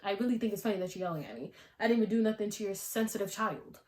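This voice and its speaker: Young woman vlogger, casual storyteller, mid-pitched, slangy and chatty, recorded in a roomy, echoing space. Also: lively intonation, racing, darkish tone. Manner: chatty, slangy, many "like" fillers. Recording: echoey room.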